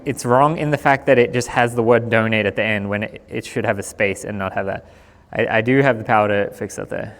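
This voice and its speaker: A man's voice: on the low side, a bit bright, big-room sound. A young man with an Australian accent, a skateboarder chatting casually on a live stream in a laid-back, slangy way.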